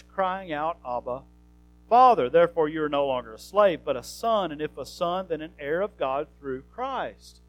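A man's voice: high-pitched, rough recording. A man preaching an earnest, conversational sermon, teaching from the Bible and building to emphatic questions.

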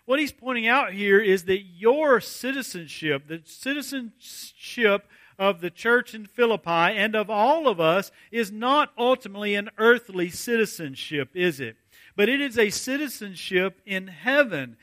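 A man preaching an expository sermon as pastor, reading scripture aloud and slowing deliberately to stress key phrases. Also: high voice, lively intonation, a bit bright, no room sound.

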